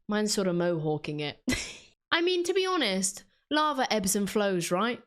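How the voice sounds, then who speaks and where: A woman chatting casually while she draws, self-mocking and laughing often. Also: lowish voice. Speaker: drawing vlogger. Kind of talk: casual chat while drawing.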